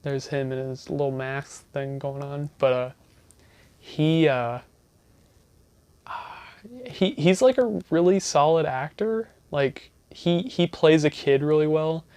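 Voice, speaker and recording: A slow, medium-pitched voice, clear and resonant with a slight mellowness, comes through without echo. It's a chatty home reviewer on a camera mic, suggesting horror movies while laughing often and losing the thread.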